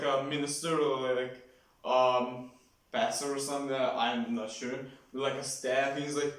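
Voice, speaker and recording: Rambling man reviewing a comic chapter. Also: mid-range voice. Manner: rambling, heavy with fillers. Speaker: manga reviewer. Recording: very echoey room, far from mic.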